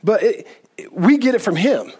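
A man's voice: high voice, lively intonation, moderate pace, a little mellow, slightly rough. A man preaching a sermon in a conversational way, often repeating words and checking in with "right?". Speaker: pastor.

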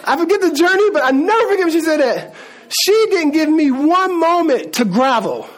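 A male pastor preaches a sermon in an animated, conversational way. He swings from relaxed storytelling to sudden emphatic calls. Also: very high-pitched, normal speed.

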